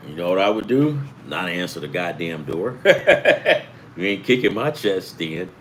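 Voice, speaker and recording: A man's voice: low voice, sing-song, measured pace, fairly bright tone, slight background noise. A middle-aged man from the US East Coast telling rambling, profane stories in a casual sports betting show, acting out the voices of people he quotes. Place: home in California.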